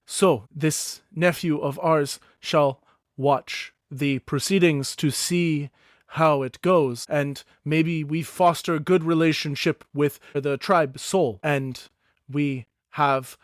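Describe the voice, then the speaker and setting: A man's voice: a little high, fairly even intonation, slow, no room sound, clean studio sound. A man voicing a very old female goblin village elder who speaks kindly in broken grammar. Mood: hopeful. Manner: broken grammar, warm and formal.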